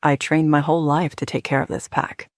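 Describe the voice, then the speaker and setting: A woman narrator voicing a confident, protective young male werewolf alpha, speaking in a firm, steady, lowered voice. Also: brisk, dry recording, studio quality. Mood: earnest, firm.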